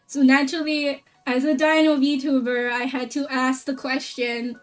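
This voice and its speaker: A woman VTuber streamer chatting casually, excitable and rambling, with a lot of "like" fillers. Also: sits high, unhurried, recorded from a distance, faint music behind. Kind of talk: casual stream chat recap.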